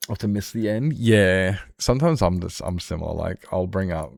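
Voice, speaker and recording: A man's voice: sits low, moderate pace, vocal fry, a little mellow, no echo. A man streaming a game, chatting loosely and laughing at himself. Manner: rambling, laughs often, self-mocking. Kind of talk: casual gaming stream chat.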